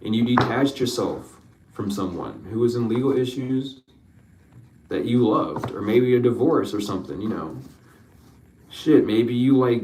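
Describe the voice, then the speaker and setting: A man's voice: fairly low pitch, dark tone. Guy doing a spiritual reading, all worked up, keeps asking the same questions over and over, cusses a lot, sounds a bit far off from the mic in an echoey room. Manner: impassioned, rambling, repeating questions, swearing. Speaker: spiritual card reader. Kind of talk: emotional spiritual reading monologue.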